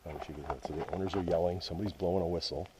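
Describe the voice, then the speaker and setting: Rapid-fire and steady in tone, a low-pitched Canadian hiking vlogger talks casually to an action camera on a wooded trail, grumbling wryly, with background noise behind him.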